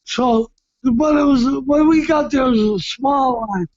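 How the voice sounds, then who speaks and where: Loud high-pitched man. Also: unhurried, no room sound, muffled recording. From Massachusetts. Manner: loud, excitable, often shouting, with frequent restarts and repeats. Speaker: retired heavyweight boxer, guest. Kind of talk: casual storytelling interview.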